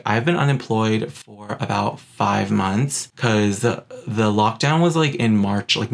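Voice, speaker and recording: A young man from Queens, New York, hosting a podcast in sassy, animated casual chat. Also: on the low side, gravelly. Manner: sassy, animated, says "girl" a lot. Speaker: podcast host.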